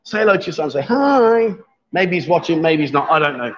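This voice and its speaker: A man's voice: fairly high pitch, very animated, fairly quick, muffled recording. A man hosting a live stream, chatting casually and teasing his guests. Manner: joking, teasing.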